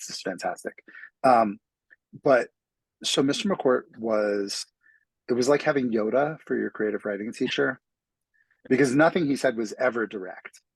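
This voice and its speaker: Guest author from New York, lower voice, husky, dry close sound. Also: male voice, no room sound, rough recording. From New York City. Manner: self-deprecating storyteller with frequent restarts. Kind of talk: casual interview conversation.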